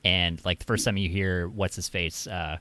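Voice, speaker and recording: Casting: lowish-voiced American male streamer, loose and chatty. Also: moderate pace, no room sound. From United States. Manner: relaxed, chatty, many fillers. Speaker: streamer host. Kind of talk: casual chat on a stream.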